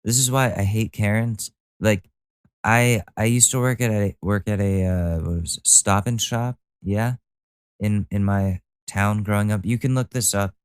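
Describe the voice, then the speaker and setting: Male podcast host from Connecticut, casual profane rant, low resonant voice, dry booth sound. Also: a little slow, clean tone, no echo. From Connecticut, USA. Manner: loose, profane, animated ranting with filler restarts. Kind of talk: casual ranting commentary.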